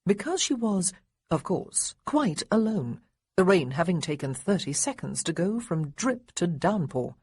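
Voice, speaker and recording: A woman narrating an audiobook with lively, expressive storytelling. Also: fairly low pitch, unhurried, husky, no echo. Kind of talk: scripted narration.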